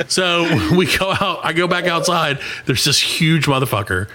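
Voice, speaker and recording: Animated, bright-voiced male storyteller. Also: on the high side, unhurried, slight background noise. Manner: animated, swearing, acts out quoted voices. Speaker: podcast co-host. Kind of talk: casual storytelling.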